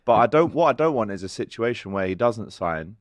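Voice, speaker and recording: A man co-hosting a football fan show, reasoning aloud in a measured, casual way. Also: lowish voice, lively intonation, dry recording. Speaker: football fan-channel co-host.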